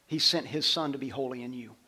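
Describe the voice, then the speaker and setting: A middle-aged man, a pastor, preaching a sermon and telling a story, swinging from loud passages to hushed ones. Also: medium pitch, fairly quick.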